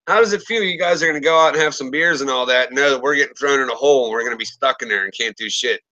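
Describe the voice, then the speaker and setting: A man's voice: mid-range voice, very fast, no room sound, highs cut off. A man from the Pittsburgh area telling profane stories in casual chat, acting out what people said. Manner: profane, animated storyteller acting out quotes. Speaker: podcast host.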